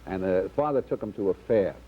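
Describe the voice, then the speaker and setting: Rambling, lively comic storyteller man. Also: low voice, brisk. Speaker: comedian. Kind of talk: joke telling at a round table. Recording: dull old TV audio with faint noise.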